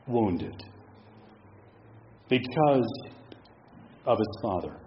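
A middle-aged man preaches in a church, pausing often to put questions to his listeners in a reflective way. His voice sits a little high for a man. The recording is slightly dull with a faint hiss behind it. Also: expressive. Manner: reflective, asks the congregation many questions. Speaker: pastor. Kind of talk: sermon.

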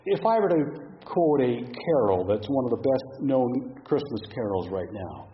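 A man's voice: medium pitch, animated, normal speed, hardly any pauses, lo-fi sound, slight background noise. A middle-aged man preaching a sermon in a church, reflective and asking the congregation question after question. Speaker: pastor.

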